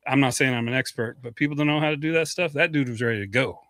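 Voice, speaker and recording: A male veteran co-host who talks things through slowly, with frequent restarts. His voice sits at an ordinary pitch in a dry, close recording. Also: a bit bright, dry recording. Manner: reflective, hesitant, many restarts. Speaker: podcast co-host, retired senior NCO. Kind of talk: casual chat.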